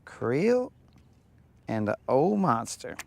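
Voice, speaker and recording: A man's voice: medium pitch, very animated, very slow, gravelly, dry recording. A man hosting a live fishing vlog from a boat on a lake, bantering in a laid-back, joking way. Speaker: fishing show host.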